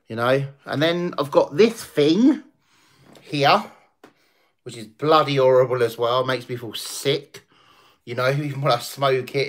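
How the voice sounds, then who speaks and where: A man hosting a casual livestream, chatting to viewers, reading out their comments and laughing often. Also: mid-range voice. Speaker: livestream host. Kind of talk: casual chat to stream viewers.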